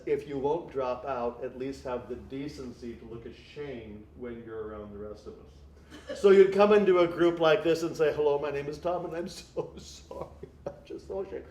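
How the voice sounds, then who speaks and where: A man's voice: medium pitch, a little mellow. A man, a priest giving an evening talk to a live audience, speaking in a wry, joking way with mock dialogue. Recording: echoey room.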